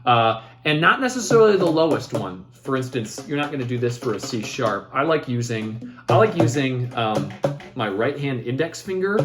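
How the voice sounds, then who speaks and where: A man's voice: medium pitch, moderate pace, over music. A man, the composer of the piece, casually walking players through saxophone techniques step by step, with lots of ums and restarts. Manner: relaxed, filler-heavy, thinks aloud. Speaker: composer demonstrating his piece. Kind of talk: casual instructional walkthrough. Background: saxophone demonstrations.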